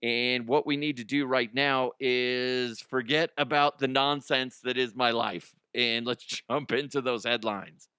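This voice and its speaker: A man's voice: mid-range voice, steady tone, unhurried, hardly any pauses, sharp tone, smooth, no room sound, clean studio sound. A man hosting a comedy podcast in casual, rambling chat, laughing often and swearing. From Colorado. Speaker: podcast host.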